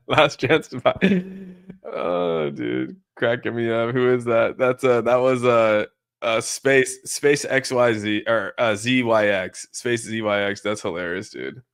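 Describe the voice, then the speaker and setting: This young man's fairly low voice has a clear, resonant tone as he runs a live crypto stream. Amused and giddy, he laughs frequently at his chat and leans heavily on "dude."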